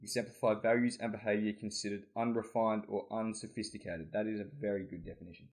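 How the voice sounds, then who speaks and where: A man's voice: lowish voice, little pitch movement, fast talker, a little mellow. A man with an Australian accent, a podcast guest chatting in a rambling, easygoing way. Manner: easygoing, rambling, laughs often. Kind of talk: casual chat.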